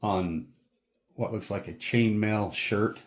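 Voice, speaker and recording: Deep, slow-talking game master man. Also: fairly even intonation. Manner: unhurried and descriptive, with many fillers. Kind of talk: narrating a tabletop game.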